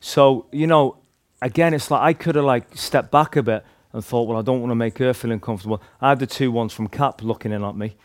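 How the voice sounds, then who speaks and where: In a dry, studio-quality recording, a man with a medium pitch talks briskly about his street evangelism as casual testimony. He rambles with restarts and heavy use of "like" and "you know".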